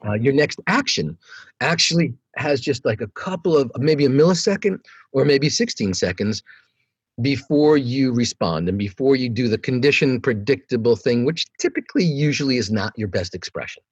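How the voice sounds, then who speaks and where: Husky-voiced man telling lively stories. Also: moderate pace, no echo. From New York. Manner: animated storyteller who acts out quoted dialogue in a higher voice. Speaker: meditation teacher, guest. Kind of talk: relaxed storytelling conversation.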